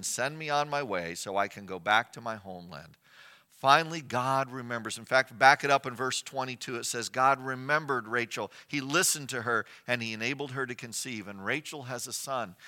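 Bright-toned man preaching a sermon. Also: medium pitch. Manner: storytelling preacher, rhetorical questions, varies loudness for emphasis. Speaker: pastor.

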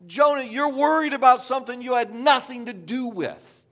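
A man's voice: very high voice, moderate pace, a bit bright, pitched above the performer's own voice. A man voicing a compassionate deity who reasons with earnest, pleading questions. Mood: reasoning. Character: patient, compassionate male deity reasoning gently.

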